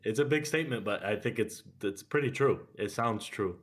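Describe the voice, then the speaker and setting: A laid-back man co-hosting a casual sports podcast. His voice is fairly low, and he often pauses on fillers as he thinks. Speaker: podcast co-host.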